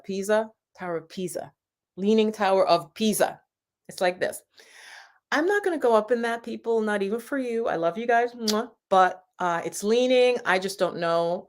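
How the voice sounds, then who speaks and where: A woman from the United States chats casually through a live stream with her viewers. She rambles from one aside to the next, laughing often. Her voice sits at an ordinary middle pitch for a woman. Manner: chatty and warm, with frequent laughs and rambling asides. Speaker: YouTube channel host.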